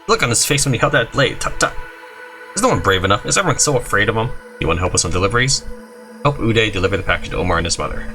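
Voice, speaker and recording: Fast, animated man reading game dialogue. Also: on the low side, soft background music. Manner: animated, jumps between character voices and asides. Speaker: gaming YouTuber.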